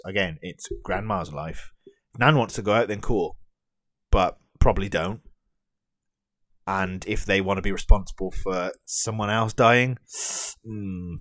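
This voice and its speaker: A young British man rants in a loose, sweary vlog, trading sarcasm with plenty of ums and restarts. His voice sits low, and the sound is close and dry, with no room around it. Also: a bit bright, no room sound. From Britain. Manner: sweary, sarcastic ranting with many fillers. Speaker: vlogger. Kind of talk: ranting vlog.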